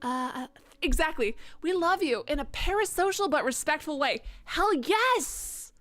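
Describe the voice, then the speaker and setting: A woman's voice: sits high, expressive, a little slow, a bit bright, a little hiss or hum. A young woman live streamer chatting casually at the end of a stream, rambling with lots of fillers and self-mocking asides. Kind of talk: casual stream sign-off chat. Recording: music playing behind.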